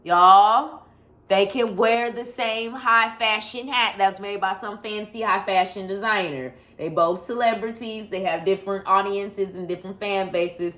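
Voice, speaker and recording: A woman's voice: mid-range voice, unhurried, fairly bright tone. A woman talking casually to her viewers in an unboxing vlog, sassy and teasing, often laughing and calling them sweetie. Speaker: YouTuber.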